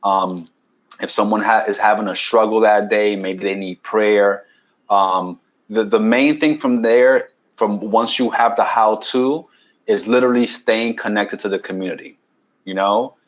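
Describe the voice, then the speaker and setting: Speaking a little slowly with a steady tone and a fairly low pitch, this New Yorker guests on a podcast as a keto challenge coach. The audio quality is poor. In relaxed conversation he gives long explanations, repeats words and keeps asking "right?"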